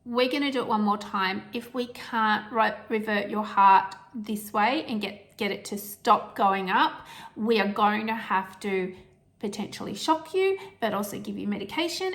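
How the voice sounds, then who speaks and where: A middle-aged woman telling a personal health story to camera, emotional and halting, with restarts and nervous laughs. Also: medium pitch, a bit bright.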